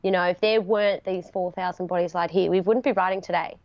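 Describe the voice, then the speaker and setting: A woman's voice: on the low side, steady tone, fast, a little mellow, dry recording. Woman guest, heartfelt and teary in places, dull dry sound. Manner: heartfelt, tearful at moments, talks through laughs. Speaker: podcast guest. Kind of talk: emotional storytelling interview.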